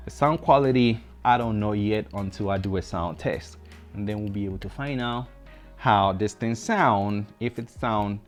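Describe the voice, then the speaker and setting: A man with a Ghanaian accent hosting a casual, chatty product review vlog with slangy asides, speaking into a desk condenser mic. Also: on the low side. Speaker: tech reviewer host. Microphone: desk condenser mic with pop filter.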